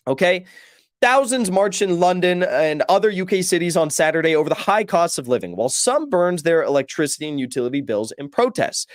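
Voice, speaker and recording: A man's voice: sits high, no room sound, clean studio sound. A man hosting a political show, reading news articles aloud and adding commentary, stumbling over numbers. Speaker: host.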